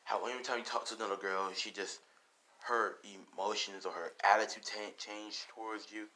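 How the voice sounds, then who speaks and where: A man voicing a smug, scheming old grandfather villain who talks slowly and draws out his words. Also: fairly low pitch, little pitch movement, pushed and bright.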